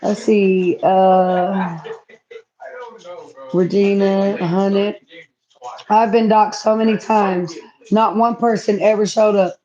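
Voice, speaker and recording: A woman's voice: mid-range voice, level tone, takes it slowly, pauses often, mellow, muffled recording. A woman chatting casually to viewers on a home livestream, reading comments aloud. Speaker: livestream host. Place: home, indoors.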